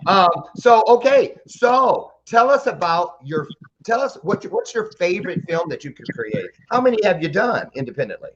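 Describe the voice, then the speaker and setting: A man's voice: high voice, very animated, normal speed, a bit bright, highs cut off. A man hosting a casual podcast interview, playful and joking. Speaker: podcast host.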